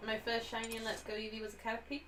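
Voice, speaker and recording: A woman's voice: fairly high pitch, completely flat delivery, racing, noisy background. A woman chatting casually with the streamer, reminiscing and teasing. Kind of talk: casual chat during a stream. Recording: distant mic with loud music.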